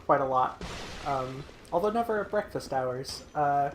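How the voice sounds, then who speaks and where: A man's voice: a little high, lively intonation, measured pace, a little hiss or hum. A man hosting a game playthrough, making dry, wry remarks with mild hesitations. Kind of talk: casual group commentary over gameplay.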